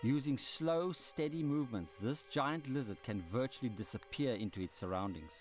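A man giving a calm, measured, scripted voice-over for a wildlife documentary he presents. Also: mid-range voice. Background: documentary score music.

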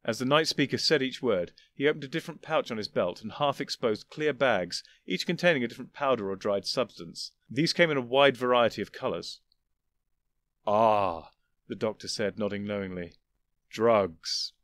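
A man's voice: mid-range voice, lively intonation, fairly quick, hardly any pauses, a bit bright, dry recording. Man narrating a story, dry sound. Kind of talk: audiobook narration of fan fiction.

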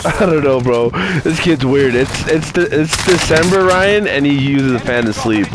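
A man's voice: medium pitch, animated, moderate pace, background noise. A young man in casual party chat while gaming, teasing his friends and laughing a lot, on a headset. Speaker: gamer in voice chat.

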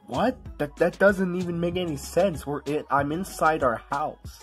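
A man's voice: fairly high pitch, measured pace, soft background music, pitched above the performer's own voice, natural voice. A man voicing a grown man hero who is easily scared, talking in a stammering, nervous way in a homemade comedy sketch. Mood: annoyed.

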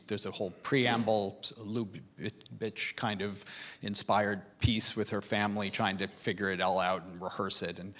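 A filmmaker talking on a conference panel, a man who speaks haltingly, with many false starts and repeated words. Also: fairly low pitch, a bit bright. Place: conference stage.

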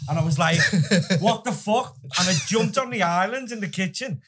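A male podcast host talks in a relaxed, casual way, slipping in swear words as he tells his own stories. His voice sits somewhat high and carries a husky grain. He sounds at ease in the conversation. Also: moderate pace. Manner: swears freely, chats and tells anecdotes. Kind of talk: casual chat.

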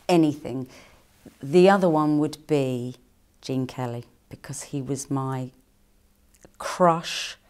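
A middle-aged woman from England with a low-pitched voice answers fan questions in a relaxed, conversational way. She is chatty and playful and jumps up into brighter pitches when she quotes other people. She speaks as a stage actress and singer would. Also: smooth. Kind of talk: casual interview answers.

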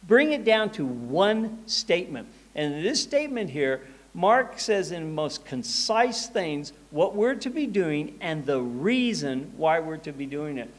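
A pastor preaching a conversational sermon in church, often restarting and repeating words as he goes. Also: a little high.

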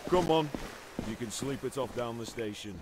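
An actor playing a brisk, no-nonsense male village policeman, heard in game audio with outdoor noise. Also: medium pitch, lightly acted. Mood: stern. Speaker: police officer.

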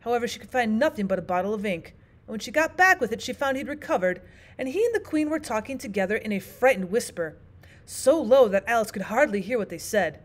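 A woman teacher reading a classic children's book aloud with expressive storytelling. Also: a little high, fast. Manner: expressive, sing-song storytelling. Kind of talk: audiobook narration.

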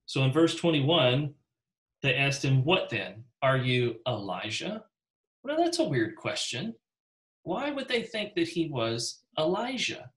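A man's voice: on the high side, big pitch swings, takes it slowly, fairly bright tone, poor audio. A man teaching a Bible class in a conversational way, calling on class members and acting out quotes in character voices.

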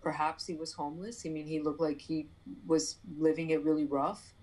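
Husky-voiced woman telling a story. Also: deep voice, normal speed, poor audio. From New York, Puerto Rican family. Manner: animated storyteller, acts out voices, many fillers and restarts. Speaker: playwright guest. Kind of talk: storytelling in an interview.

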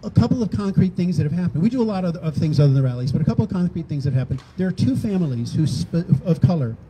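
An older man speaks at an outdoor rally in a dark, mellow voice that sits slightly high. He talks casually, acting out quoted back-and-forth exchanges. Faint background noise comes through. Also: lively intonation, very fast, low-quality recording. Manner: conversational, acts out quoted exchanges. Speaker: rally organizer speaking at a public event. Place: outdoors on a town green.

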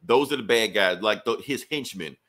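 A man talks through a casual podcast in a loose, rambling style, swearing freely as he recaps. His voice sits on the low side. It has a bright, forceful edge. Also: lively intonation, moderate pace. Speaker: podcast host.

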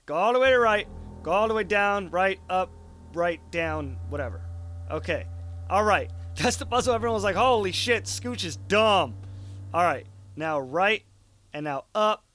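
A man's voice: sits high, bright, forceful tone. A young man casually commenting on his gameplay, cursing and mocking himself. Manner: casual, swearing, self-mocking, laughs often. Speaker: let's play host.

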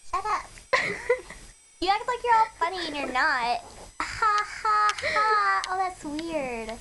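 A woman's voice: very high-pitched, sing-song, a little slow, heavy background noise. A woman talking casually in a home video, her voice pushed up by helium, giggling and teasing her friend. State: voice raised by inhaled helium. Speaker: vlogger.

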